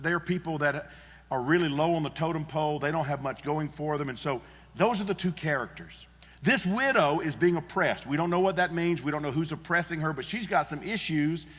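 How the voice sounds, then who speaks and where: Earnest preacher with a ringing hall echo. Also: male voice, on the high side, a bit bright. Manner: earnest, emphatic, repeats key phrases. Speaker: pastor. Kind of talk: sermon. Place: church sanctuary.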